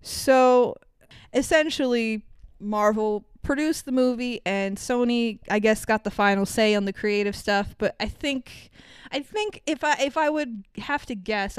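A woman co-hosting a podcast chats casually, swearing freely as she tells an animated story full of mocking quoted voices. Her slightly high voice is clear and resonant in a dry recording.

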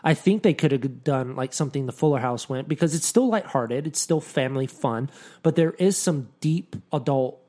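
A man's voice: mid-range voice, normal speed, mellow. A man co-hosting a podcast in a casual, jokey, chatty way, full of asides. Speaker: podcast co-host.

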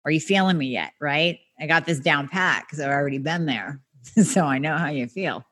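A woman hosting a health podcast, giving a lively solo talk straight to her listeners, with some mild swearing. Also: low voice, moderate pace. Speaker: podcast host, functional medicine practitioner. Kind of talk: podcast monologue.

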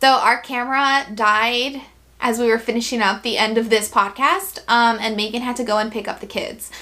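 A woman's voice: on the high side, steady tone, moderate pace, bright, forceful tone. A young adult woman co-hosting a podcast, frank and opinionated in casual chat. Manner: frank and opinionated, plays devil's advocate. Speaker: podcast co-host.

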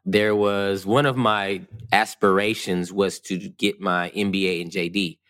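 Low-voiced guy casually telling his story, lotta ums, dry close sound. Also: little pitch movement, a little slow, fairly bright tone, no echo. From US West Coast. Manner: laid-back, self-deprecating storyteller with filler ums. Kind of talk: casual chat.

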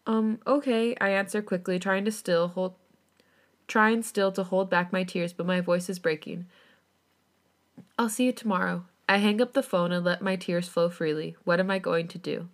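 A woman's voice: lowish voice, little pitch movement, moderate pace. A woman podcast host reading fan fiction aloud in plain first-person narration, with casual asides.

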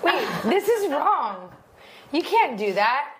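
A woman in her thirties co-hosting a podcast, telling stories in a teasing, animated way and laughing often. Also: high voice, takes it slowly, slight background noise. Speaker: podcast co-host. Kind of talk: casual chat.

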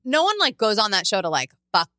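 A woman co-hosting a podcast in the studio, telling stories in a casual, animated way and acting out quotes, with casual swearing. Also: medium pitch, a little fast, no echo. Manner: animated storytelling, acts out quotes, swears freely. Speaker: podcast co-host. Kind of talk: casual chat.

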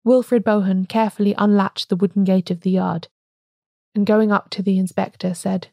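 A woman hosting a podcast, reading a classic detective story aloud in a measured, unhurried storytelling manner. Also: mid-range voice, fairly even intonation, creaky, mellow, dry recording, clean studio sound. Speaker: podcast host and narrator.

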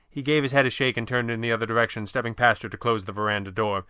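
A man narrating an audiobook in an even, unhurried storytelling manner. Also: mid-range voice, smooth, no echo, studio quality. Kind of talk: scripted narration.

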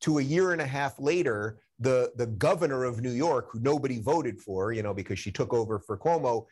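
Male guest author, forties, earnest and measured, mid-pitched. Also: lively intonation, a little mellow, slightly rough. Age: 40s. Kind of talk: political talk show interview.

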